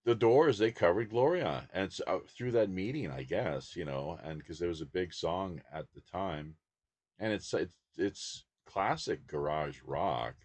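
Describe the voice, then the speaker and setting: A man hosting a podcast, chatting casually and rambling about music, often trailing off quietly. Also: deep voice, lively intonation, a little slow, no echo. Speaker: podcast host.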